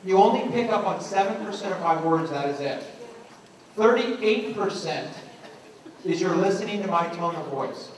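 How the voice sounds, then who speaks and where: Recorded from afar in an echoey room with slight background noise, a middle-aged man motivates an audience of teachers. This education speaker tells animated stories, acting out voices, in a high voice at normal speed.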